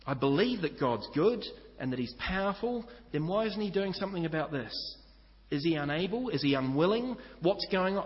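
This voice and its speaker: Male preacher, earnest, fairly high voice, long hall reverb, muffled recording. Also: lively intonation, moderate pace. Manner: earnest, rhetorical questions to the congregation. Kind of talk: sermon. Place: church hall. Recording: dull echoey church recording.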